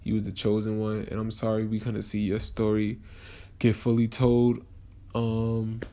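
Grieving young man, very flat low voice. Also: slight background noise. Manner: halting, many fillers, heartfelt. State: grieving, emotional. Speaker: podcast host. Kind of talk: emotional solo podcast monologue.

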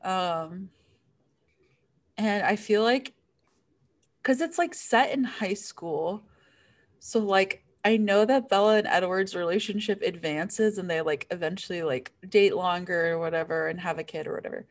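Slow-talking young woman, frank chat. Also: medium pitch. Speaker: podcast co-host. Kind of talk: casual chat.

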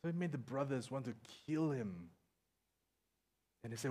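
A middle-aged Singaporean man preaching a sermon, telling stories and acting out the voices, swinging from loud to quiet. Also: medium pitch, normal speed, pauses often, slightly rough. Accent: Singaporean English. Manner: animated, acts out voices in anecdotes, swings loud to soft. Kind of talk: sermon with storytelling.

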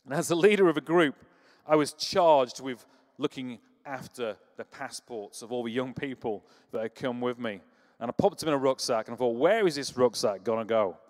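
A man preaching a sermon, telling stories with humor and lively energy. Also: mid-range voice, normal speed, long reverb tail. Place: church.

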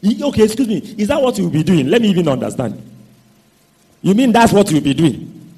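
A man preaching a sermon, quizzing his congregation with call-and-response questions and drawn-out, emphatic phrasing. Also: high voice, very animated, slightly rough. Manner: drawn-out emphatic phrasing with sudden loud and soft swings.

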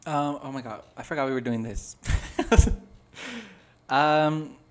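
A man's voice: mid-range voice, slow. Rambling, foul-mouthed podcast man. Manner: swears a lot, rambling storytelling. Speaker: podcast co-host. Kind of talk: casual comedic chat. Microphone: video call.

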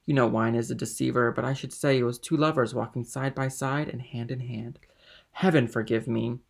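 Guy reading as a loud drunk sailor, gravelly, slurry bluster. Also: mid-range voice, fairly even intonation, brisk. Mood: rowdy, drunk. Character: drunken envious middle-aged male sailor.

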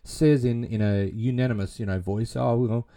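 Rambling low-voiced man retelling a film. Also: normal speed, mellow. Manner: rambling, heavy "you know" fillers and casual swearing. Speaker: film recap narrator. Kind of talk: casual retelling of a film plot.

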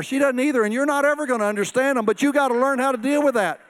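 High-voiced preaching man, dry sound. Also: very fast, fairly bright tone, dry recording. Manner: preaching with quoted asides and humor. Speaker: pastor. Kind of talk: sermon.

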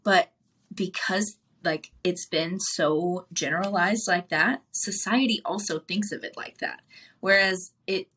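A woman's voice: on the low side, unhurried, a bit bright, husky. A woman talking casually on a podcast, laughing often and acting out both sides of everyday conversations. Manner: laughs often while telling stories. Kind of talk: casual chat.

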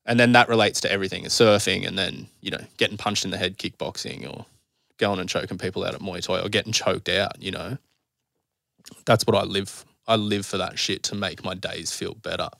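A man's voice: deep voice, steady tone, fairly quick, creaky, a bit bright, no echo, studio quality. A man in his thirties, a podcast guest telling his story candidly in a blunt, rambling way, swearing freely. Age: 30s.

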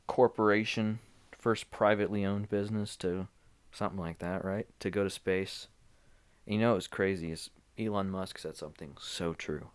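Deep-voiced guy doing his solo podcast half awake, loose and rambly, lots of uhs, cozy pillow-filled room. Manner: loose, unscripted, drifting between topics with many fillers. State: groggy, just woken up. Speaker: podcast host. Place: small home room full of blankets and pillows.

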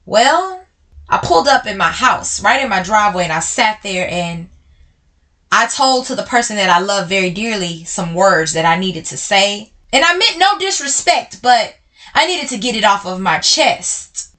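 In a personal talk to listeners, a woman podcast host addresses them as y'all, blunt, direct and openly emotional. Her voice is medium in pitch, expressive, pushed and bright, and her pace alternates between slow and quick.

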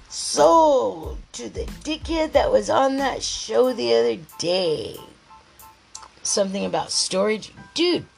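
A woman's voice: on the high side, creaky, low-quality recording. A woman podcast host in a rambling, heated monologue, swearing constantly and restarting her thoughts.

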